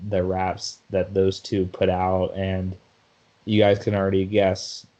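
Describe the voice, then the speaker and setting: A man's voice: low-pitched, monotone, slow pace, warm tone. A man co-hosting a sports podcast in casual chat, talkative, often laughing and restarting his sentences. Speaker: podcast co-host.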